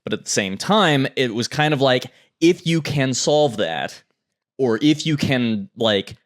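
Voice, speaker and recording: A man's voice: mid-range voice, expressive, measured pace. A man co-hosting a podcast in casual chat, thinking aloud in a meandering way with lots of fillers. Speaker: podcast co-host.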